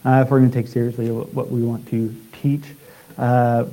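A man preaching a sermon in a halting way, with many restarts and filler sounds. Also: medium pitch, flat delivery, dark tone, low-quality recording.

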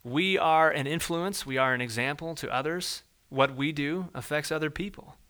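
A man preaching a sermon with a bright, forceful voice. He talks to the congregation conversationally and acts out everyday moments in lively put-on voices. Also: fairly high pitch, moderate pace, smooth. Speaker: pastor.

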